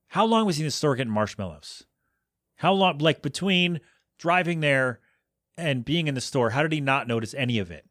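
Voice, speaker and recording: A man hosting a podcast, chatty and animated, recapping a movie and acting out the characters' quotes. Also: mid-range voice, dry recording, clean studio sound. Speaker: podcast host. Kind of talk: casual movie review recap.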